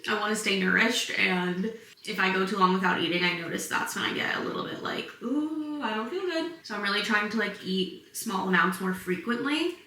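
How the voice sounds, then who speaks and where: A bright-voiced young woman chats through a home vlog, giggling as she tells stories. She sounds tired and a little short of breath. Her voice carries room echo from a camera placed a bit away. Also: mid-range voice, slight background noise. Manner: chatty, bubbly, giggly storytelling. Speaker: vlogger. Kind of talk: casual pregnancy vlog chat. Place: home, indoors. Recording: echoey room, mic a bit far.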